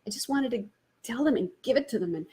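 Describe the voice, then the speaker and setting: A woman's voice: on the high side, animated, fast talker, dark tone, breathy edge. A woman, a spiritual teacher, telling a personal story and laughing often as she retells it.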